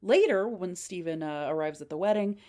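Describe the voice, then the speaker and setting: A woman podcast host telling a paranormal story, animated and acting out the voices. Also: fairly low pitch, a little fast. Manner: animated, acts out quoted voices.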